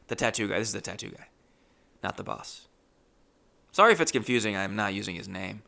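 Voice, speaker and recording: A man with a gravelly, creaky voice tells a comic story in an animated monologue. His tone is bright and forceful. He talks in a profane, exasperated way. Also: on the low side, a little fast, long pauses. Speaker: comedian.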